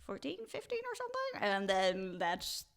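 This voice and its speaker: A woman's voice: medium pitch, wildly swooping pitch, normal speed, gravelly. A young woman from Sweden, a comedian, chatting casually as a podcast guest, giggly and playful with lots of "like".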